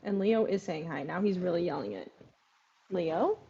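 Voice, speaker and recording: A woman's voice: fairly low pitch, expressive, normal speed, mellow, dull audio, a little hiss or hum. A woman hosting a casual live stream, chatting and coaxing her pets in between bits of play-by-play.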